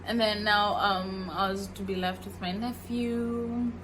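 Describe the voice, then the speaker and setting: A young woman from Kenya telling a casual story while cooking at home, animated and acting out the people she quotes. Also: mid-range voice, measured pace, noisy background. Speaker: vlogger. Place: home kitchen.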